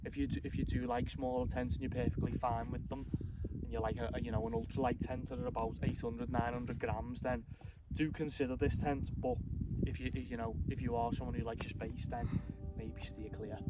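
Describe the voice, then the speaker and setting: A man's voice: medium pitch, flat delivery, a little fast, heavy background noise. Chatty man outdoors. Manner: chatty, rambling, self-deprecating. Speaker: camping vlogger. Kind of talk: casual morning chat to camera. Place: outdoors on a mountain campsite.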